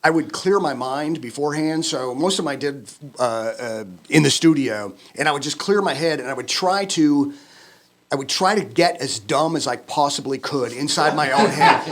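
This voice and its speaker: A lively man from Minnesota, a radio DJ, chatting casually as a guest. His voice sits a little high for a man, and he laughs easily through his stories. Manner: animated storyteller who laughs easily. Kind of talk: casual interview chat.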